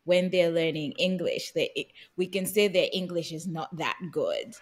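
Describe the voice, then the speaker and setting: Husky woman podcast host, relaxed reflective chat, lively pitch swings. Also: a little slow. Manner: reflective, fillers and restarts, animated pitch swings. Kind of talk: casual conversation.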